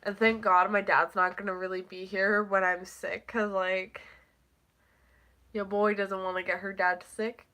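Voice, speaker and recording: A woman's voice: medium pitch, level tone, a little slow, sharp tone. A teenage girl with a stuffy, congested nose, rambling casually on a live stream, full of "like" and casual swearing.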